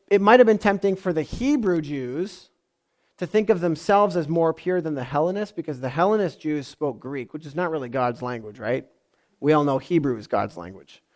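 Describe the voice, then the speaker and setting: A man's voice: fairly high pitch, a little mellow. A man preaching a sermon in a conversational way, often asking his congregation questions. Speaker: pastor.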